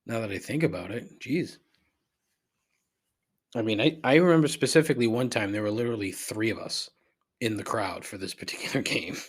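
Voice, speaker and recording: A middle-aged man hosting a podcast, rambling through a profane rant that climbs in pitch when he gets riled. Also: fairly quick, long pauses, breathy edge. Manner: rambling and repetitive, swears freely, rises in pitch when riled. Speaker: podcast host. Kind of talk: casual profane ranting monologue.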